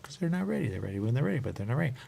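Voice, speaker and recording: A man hosting a radio show, talking in a rambling monologue that keeps repeating the same catchphrases and jumps suddenly up in pitch. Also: sing-song, racing, gravelly, mellow, a little hiss or hum.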